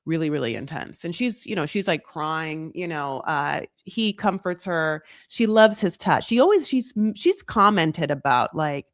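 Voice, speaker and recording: Unhurried yet animated, this low-voiced co-host barely pauses as she chats through a reality TV recap, full of fillers and rambling asides, quoting others in silly voices. The recording is dry.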